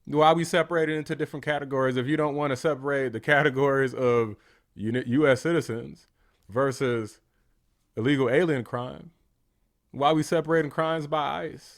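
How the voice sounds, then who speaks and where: A man's voice: mid-range voice, moderate pace. A man hosting a reaction commentary, ranting and mocking in a blunt, heated way. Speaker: political commentary host.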